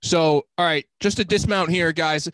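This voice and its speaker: A man co-hosting a podcast in casual chat, animated, swearing often and laughing a lot. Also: a little high, normal speed, no echo, rough recording. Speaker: podcast co-host.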